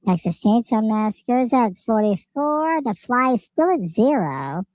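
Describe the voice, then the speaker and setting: A man hosting a livestream, talking in a casual, joking way through a helium pitch-up voice effect. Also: big pitch swings, a little slow, a little mellow, no room sound, full character voice. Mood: goofy. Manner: joking, chatty. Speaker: livestream host. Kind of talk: casual chat.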